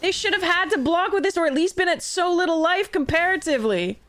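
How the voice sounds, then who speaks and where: A woman's voice: very high voice, expressive, fairly quick, a bit bright, no room sound. A woman streaming a card game, talking casually to her chat, exasperated and swearing freely as she rants at the game. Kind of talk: casual livestream commentary while gaming.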